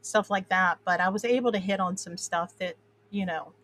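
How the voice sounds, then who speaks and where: A woman with an Appalachian twang talks in a loose, casual way. Her pitch sits in the middle, and she strings her thoughts together with plenty of fillers and little laughs. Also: normal speed, fairly bright tone. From Appalachian Mountains, USA. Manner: rambling, filler-heavy, laughs often. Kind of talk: casual chat.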